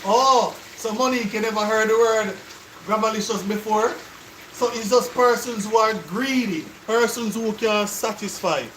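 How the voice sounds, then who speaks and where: A man's voice: high-pitched, normal speed, a bit bright, a little hiss or hum, poor audio. A man with a Jamaican accent co-hosting a cooking live stream, chatting to viewers and explaining things in patois. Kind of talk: casual live-stream chat.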